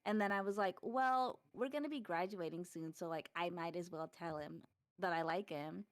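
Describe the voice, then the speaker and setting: A woman's voice: on the low side, moderate pace. A young woman co-hosting a podcast, chatting casually with giggles and telling a story about her school days. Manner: giggly, chatty, quotes herself. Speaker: podcast co-host.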